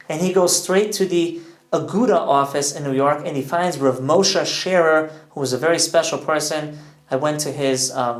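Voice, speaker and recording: Man, thirties, upbeat Torah teacher, higher voice, roomy echo. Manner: earnest, enthusiastic teaching with Hebrew and Yiddish terms. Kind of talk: informal Torah lesson. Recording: echoey room.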